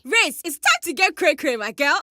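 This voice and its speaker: A woman's voice: sits high, sing-song, moderate pace, bright, forceful tone, dry recording, studio quality, full character voice. A woman voicing a confident, teasing young woman agent in a video game, with a South African accent and slangy lines. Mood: breezy teasing.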